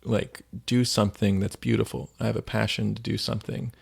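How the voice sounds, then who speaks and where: A man's voice: lowish voice, little pitch movement, brisk, creaky, darkish tone, husky. A man co-hosting a faith podcast, retelling stories in a rambling, casual way with lots of "like.". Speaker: podcast co-host.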